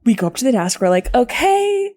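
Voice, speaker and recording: A woman's voice: on the low side, rapid-fire, warm tone, no echo, clean studio sound. A woman co-hosting a comedy podcast, telling a story in a chatty way full of "like". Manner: chatty, peppered with "like". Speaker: podcast co-host.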